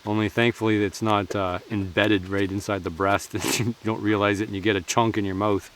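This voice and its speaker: A man's voice: on the low side, little pitch movement, normal speed, a bit bright, a little hiss or hum. A man chatting casually while cooking at an outdoor forest camp, joking and laughing often.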